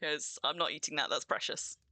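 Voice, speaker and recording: A woman streamer talks through her game in a chatty, bubbly way, greeting viewers as she goes. Her voice sits a little low but sounds bright and forceful, with a dry, close sound. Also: fairly quick, dry recording. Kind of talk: casual livestream chat.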